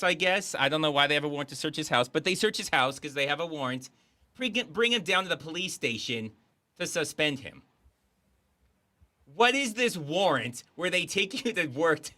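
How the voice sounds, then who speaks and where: A man's voice: fairly high pitch, pushed and bright. A man riffing sarcastically on a movie in casual podcast commentary, laughing as he mocks the plot. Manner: sarcastic, laughing, mimics lines from the film. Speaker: podcast host reviewing a movie.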